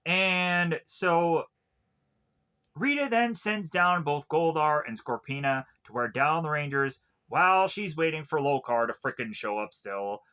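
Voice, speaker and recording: Young man, TV episode reviewer, rambling recap, chuckling, high bright voice. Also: unhurried, clear, resonant tone. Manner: rambling, lots of fillers, chuckles often. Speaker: TV show reviewer.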